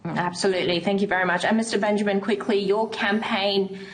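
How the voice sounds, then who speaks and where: A woman questioning witnesses in a parliamentary committee, measured and formal. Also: mid-range voice, steady tone, low-quality recording.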